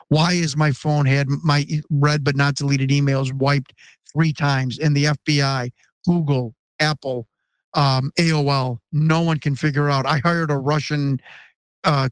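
Insistent American man in his 50s, a podcast guest who pleads his case earnestly; fairly high voice, dry close sound. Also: steady tone, moderate pace, dry recording. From Chicago, USA. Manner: earnest and emphatic, insistent questions. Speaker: interview guest. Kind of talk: podcast interview.

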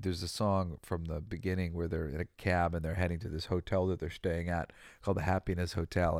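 A man's voice: low-pitched, gravelly, a little mellow, no room sound. A tired, emotional man hosting a casual solo talk, rambling and close to tears. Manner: emotional, rambling, sings snatches of songs. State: tired and teary. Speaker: host. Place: California.

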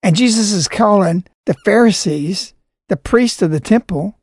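A man delivers preachy religious commentary in an emphatic voice. He slows right down to hammer home each scripture quote. The sound is dry and close, with no room around it. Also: sits high, darkish tone, husky, no echo.

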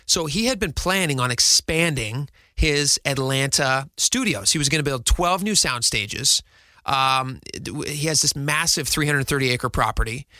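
Radio host guy in his 30s, rambling friendly chat, slightly high voice, bright. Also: dry recording, clean studio sound. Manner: chatty, rambling, self-deprecating. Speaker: radio talk show host.

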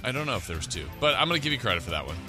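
A man co-hosting a sports radio show, calmly recapping predictions in casual banter. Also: medium pitch, racing, over music. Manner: steady, recaps predictions methodically. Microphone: studio radio mic.

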